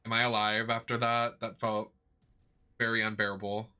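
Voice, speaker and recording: A man's voice: lowish voice, flat delivery, moderate pace, pushed and bright, smooth. A man who streams games and performs in drag, giving chatty, campy commentary that rambles with lots of fillers. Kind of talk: casual gameplay commentary.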